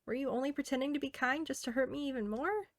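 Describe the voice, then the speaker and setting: A woman reading aloud as a self-aware teenage game girl, earnest and intimate, softly pleading. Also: sits high, fast, dry recording, close to an everyday voice. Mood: bitter.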